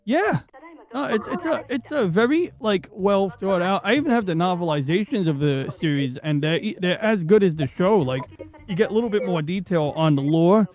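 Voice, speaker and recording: Rambling New man, fairly high voice. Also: expressive, moderate pace, a little mellow, low-quality recording. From New York. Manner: rambling, digressive, swears freely, many fillers. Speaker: podcast host. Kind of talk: casual rambling chat.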